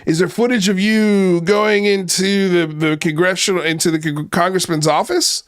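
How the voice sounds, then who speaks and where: Profane, mocking man with a high voice. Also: steady tone, normal speed. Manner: profane, mocking, laughs often. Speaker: reaction video host. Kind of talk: casual commentary on a clip.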